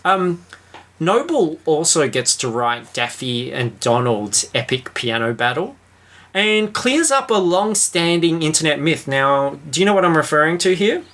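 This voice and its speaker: A man's voice: a little high, big pitch swings, unhurried, fairly bright tone. A man hosting a podcast, chatting casually and jokily about a book and its film, with a lot of fillers. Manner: rambling, jokey, lots of fillers. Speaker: podcast host.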